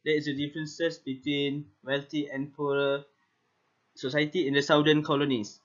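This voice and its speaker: A man's voice: fairly high pitch, little pitch movement, moderate pace. A young man giving a class presentation over slides, reading steadily with hesitant restarts. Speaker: student presenter. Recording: muffled lo-fi recording.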